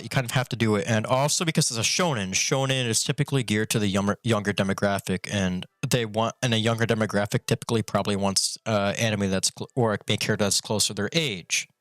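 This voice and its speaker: A man's voice: mid-range voice, fairly bright tone, dry recording, clean studio sound. A male streamer ranting bluntly and profanely in a rambling casual way, talking with a retainer in his mouth. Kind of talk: casual opinion rant.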